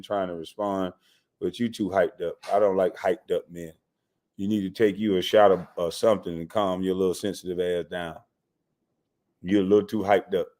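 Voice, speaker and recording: A man's voice: deep voice, a little mellow. A man hosting a call-in livestream, arguing bluntly and profanely with callers. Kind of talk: heated call-in banter.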